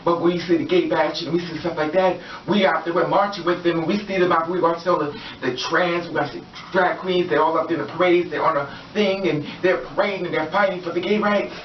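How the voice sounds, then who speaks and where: Emphatic woman storyteller, muffled sound with steady noise behind her. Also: lowish voice, brisk, hardly any pauses. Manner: earnest and emphatic, with repeated phrases. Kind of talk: impassioned spoken monologue. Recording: distant echoey dull noisy recording.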